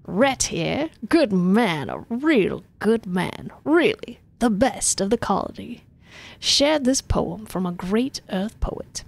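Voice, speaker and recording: A woman voicing a pompous middle-aged male colony governor, reading his speech in a slow, grandiose way from a text game. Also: medium pitch, sing-song, vocal fry, exaggerated voice.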